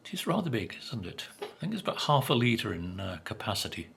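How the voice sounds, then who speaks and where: A man's voice: lowish voice, big pitch swings, brisk, gravelly, fairly bright tone, slight background noise. An older man, chatting casually while tasting biscuits, musing with plenty of fillers and speaking with his mouth full at times. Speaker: vlogger. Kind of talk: casual food review.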